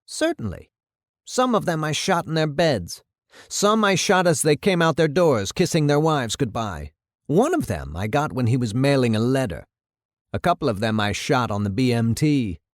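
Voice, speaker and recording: A man's voice: mid-range voice, sing-song, normal speed, dry recording, clean studio sound, lightly acted. A man reading the part of a bitter, vengeful older man who recounts his killings in a grim, matter-of-fact way. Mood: grim, boastful. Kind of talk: dramatic reading of a radio play.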